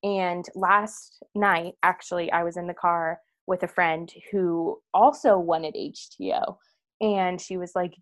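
A woman's voice: on the low side, steady tone, slow pace. A young woman co-hosting a podcast, telling a story casually and laughing often as she talks. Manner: giggly, laughs through her stories. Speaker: podcast co-host.

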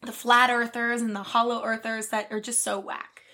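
A woman's voice: fairly high pitch, flat delivery, normal speed, sharp tone. A young woman co-hosting a podcast in casual chat, chatty and often laughing. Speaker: podcast co-host.

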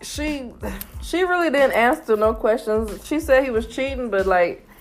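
A woman's voice: on the high side, lively intonation, a little slow, faint music behind. A woman co-hosting a casual chat show, blunt and profane, laughing often. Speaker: podcast co-host.

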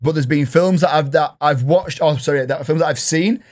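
A man's voice: fairly high pitch, moderate pace, a little mellow. Hesitant man stumbling over his words. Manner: hesitant, many restarts, self-deprecating. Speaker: podcast co-host. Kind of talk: casual chat.

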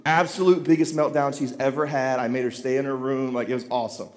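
A pastor in his thirties telling a self-deprecating, animated story from the pulpit. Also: medium pitch, fast. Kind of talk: storytelling sermon. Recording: long hall reverb.

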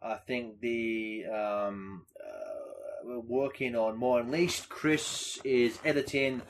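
A young man hosting a casual podcast chat, swearing freely and breaking into loud mocking impressions. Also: mid-range voice, animated, slow, background noise. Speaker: podcast host.

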